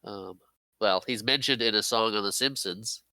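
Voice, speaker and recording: A man's voice: on the low side, moderate pace, sharp tone, smooth, no room sound. A man co-hosting a casual movie podcast, playful and teasing, laughing often. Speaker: podcast co-host. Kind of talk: casual chat.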